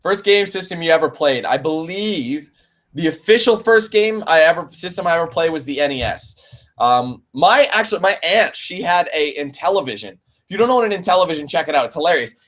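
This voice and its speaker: Gamer guy answering chat questions, laid back and rambly, swears a lot, kinda high voice. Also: expressive, a little fast, fairly bright tone. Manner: rambling, laughs often, swears casually. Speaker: let's play channel host. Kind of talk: casual live Q&A.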